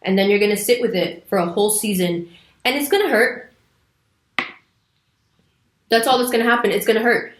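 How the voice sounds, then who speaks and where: A woman giving a casual, emphatic astrology talk to camera, sometimes putting on playful little voices. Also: mid-range voice. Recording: echoey room.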